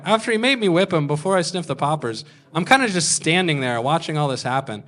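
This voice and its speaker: A man in his twenties telling a crude story on stage as a stand-up comedian, deadpan with sudden shouted punchlines. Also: sits high, fairly quick, hardly any pauses. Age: 20s.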